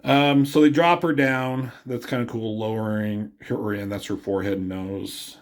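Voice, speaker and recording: A man's voice: on the low side, steady tone, moderate pace. A man giving a casual, rambling comic book review, cursing often and talking offhand.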